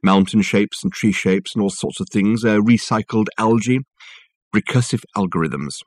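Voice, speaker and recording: A man voicing a fussy, self-absorbed man with a silky, over-rounded, soft voice, in a dry recording. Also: fairly low pitch, normal speed, no echo, natural voice. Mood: aggrieved. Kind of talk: audiobook character voice.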